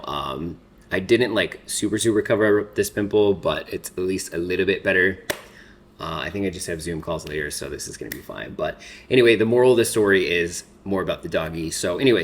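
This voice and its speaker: A man's voice: sits low, fairly quick, a bit bright. A man in his thirties telling a personal story in a rambling, filler-heavy way while doing his makeup, holding back tears. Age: 30s. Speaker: makeup vlogger. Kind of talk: casual get-ready-with-me chat.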